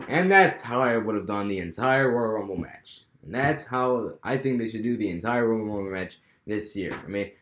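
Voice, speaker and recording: Young man, casual vlog talk, rambling, restarts, medium voice, echoey room. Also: mid-range voice. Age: young adult. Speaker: wrestling fan vlogger. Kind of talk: casual fantasy booking monologue.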